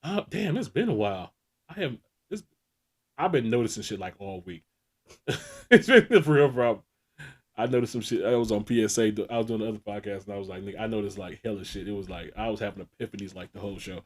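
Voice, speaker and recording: A man's voice: on the low side, expressive, fast. Laid-back man telling crude stories. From American Midwest. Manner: laid-back, crude, storytelling with lots of laughter. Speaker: podcast co-host. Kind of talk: casual chat.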